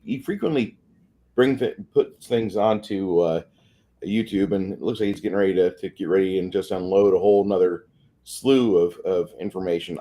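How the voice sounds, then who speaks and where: Male co-host, deep and warm, chatty rambler, casual stream talk. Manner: rambling, friendly, repeats words.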